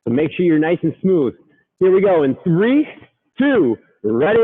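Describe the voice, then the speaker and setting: A man's voice: fairly high pitch, sing-song, a little slow, husky. A man coaching a workout, upbeat, counting reps and urging listeners on, sometimes out of breath. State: out of breath at times. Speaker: fitness coach. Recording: tinny phone-like sound.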